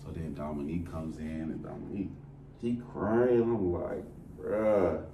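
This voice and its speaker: A young man co-hosting a podcast and telling a personal story in casual slang. He often goes quiet and soft when he speaks of the hard moments. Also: measured pace, highs cut off. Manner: casual and slangy, voice dropping low and soft as he recounts crying. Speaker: podcast co-host. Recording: echoey room, mic at a distance, faint noise.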